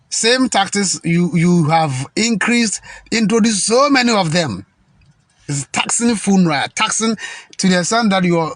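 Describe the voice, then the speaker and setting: A man from Ghana, delivering an indignant political rant full of halting restarts and repetition. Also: sits high, no room sound. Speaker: political commentator.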